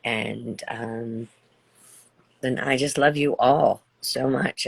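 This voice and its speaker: A woman's voice: extremely low pitch, steady tone, slow pace, vocal fry, husky. An older woman chatting emotionally on a live stream, gushing and rambling with many restarts. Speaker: livestream host.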